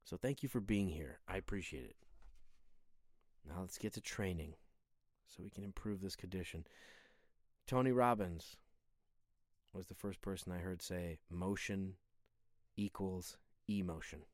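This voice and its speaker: A man with a low voice talks in an earnest, searching way before a workout. He muses and stays humble. The sound is dry and close. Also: moderate pace, long pauses, darkish tone, no room sound. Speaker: fitness video host. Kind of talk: reflective spoken monologue.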